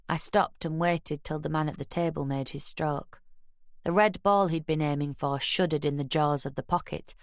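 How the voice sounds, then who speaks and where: A woman narrating a crime audiobook in the first person, measured and wry, recorded close on a studio mic. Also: low voice, no echo.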